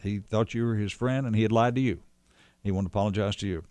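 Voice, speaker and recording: Speaking fast in a steady, fairly low and somewhat dark voice, this man shares loose, conversational stories about an old friend. He restarts sentences and slips in quoted dialogue, and the recording has no room sound.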